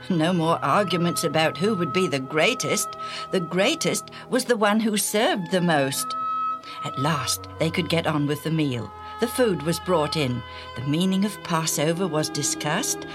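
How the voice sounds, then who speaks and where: A woman telling a children's Bible story in an expressive way, with exclaimed questions and whispered asides. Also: low voice, breathy edge.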